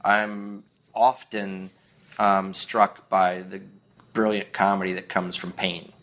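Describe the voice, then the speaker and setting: A man's voice: sits low, flat delivery, slow, a bit bright. A middle-aged American man, a podcast guest, rambling through anecdotes and acting out voices as he tells them. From United States. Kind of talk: casual podcast chat.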